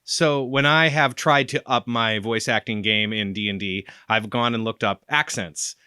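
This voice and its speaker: A man's voice: on the low side, steady tone, bright, forceful tone, smooth, no echo, clean studio sound. A man hosting a casual chat in his garage, asking questions with lots of fillers. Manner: friendly, quick, filler-heavy questions. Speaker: host.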